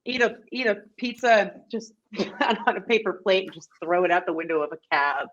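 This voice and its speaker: A woman's voice: on the low side, animated, a little fast, a bit bright, lo-fi sound. A woman guesting on a livestream, chatty and laughing as she rambles through a story. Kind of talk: casual livestream chat.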